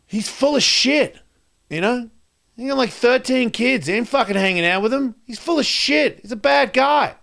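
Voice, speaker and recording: A man doing a profane stand-up rant, swinging between loud outbursts and quiet asides. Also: extremely high pitch, lively intonation, normal speed, creaky. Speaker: comedian.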